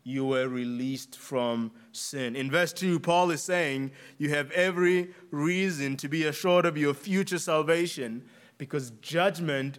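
A man with a noticeable accent preaching a sermon, earnest and emphatic, repeating key phrases for weight. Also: a little high. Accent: non-native English accent. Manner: earnest, emphatic with deliberate repetition.

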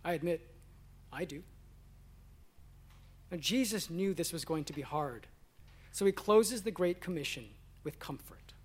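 A pastor preaching a sermon, swinging between emphatic declarations and hushed, quiet asides. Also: male voice, on the high side, animated, measured pace, pauses often, husky.

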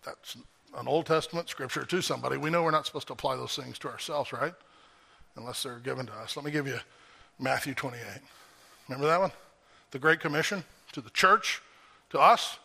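A male pastor preaching a sermon at a church service, animated and emphatic, throwing out rhetorical questions to the congregation. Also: medium pitch, a little fast, gravelly, pauses often, slightly rough.

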